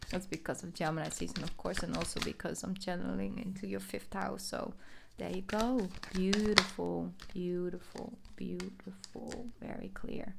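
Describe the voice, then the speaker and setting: A woman's voice: mid-range voice, gravelly, background noise. A woman giving a casual tarot reading, chatty and rambling, often laughing as she talks. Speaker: tarot reader.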